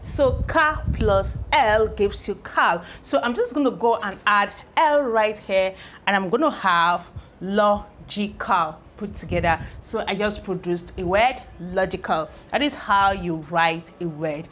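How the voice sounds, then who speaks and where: A woman leads a spelling lesson, stretching out each sound as she builds words from syllables. She speaks slowly and deliberately, stopping often to check that her learners are keeping up. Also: mid-range voice, a bit bright, slight background noise. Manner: slow, drawn-out syllables, sounding out each piece; asks learners if they follow. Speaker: English teacher. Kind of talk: phonics lesson at a board.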